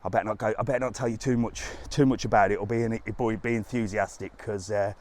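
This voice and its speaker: A man's voice: on the low side, steady tone, fast, darkish tone, slight background noise. A man hosting a live travel stream outdoors on a resort street, chatting to viewers, ranting and laughing often, with some swearing.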